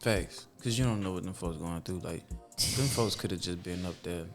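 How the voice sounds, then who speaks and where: Animated man on a podcast. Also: low voice, moderate pace. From Atlanta. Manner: animated, preachy storytelling with slang. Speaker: podcast guest. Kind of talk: casual podcast conversation. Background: faint music.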